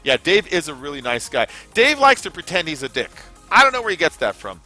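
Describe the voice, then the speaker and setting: Chatty streamer man, lively voice. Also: on the high side, a little fast, soft background music. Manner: chatty, rambling, swears casually, laughs often. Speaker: gaming livestreamer. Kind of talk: casual live stream chat.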